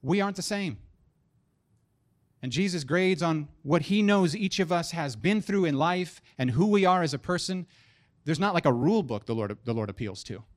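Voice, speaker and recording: A man in his thirties preaching a sermon as pastor, animated and joking, building to emphatic punchlines. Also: fairly high pitch.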